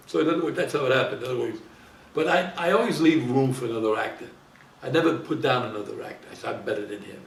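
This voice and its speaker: With vocal fry in his mid-range voice, the older actor talks quickly, wandering through stories as an interview guest and often repeating or interrupting himself. He's far from the mic, which gives a roomy quality and a faint hiss.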